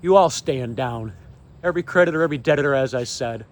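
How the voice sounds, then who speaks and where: A vlogger with a medium-pitched voice gives an impassioned monologue to the camera. He proclaims slowly and with emphasis, swinging between loud declarations and hushed asides.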